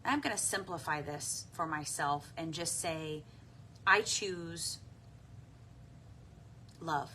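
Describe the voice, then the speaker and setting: A woman leading a slow guided tapping meditation. She speaks softly and unhurriedly, pausing often for deep breaths and audible sighs. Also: slight background noise.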